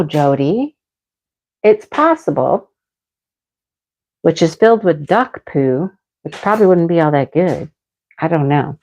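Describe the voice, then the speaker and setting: A woman's voice: lowish voice, warm tone, low-quality recording. A middle-aged woman hosting a casual livestream, chatting with viewers and talking to her dogs. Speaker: livestream host.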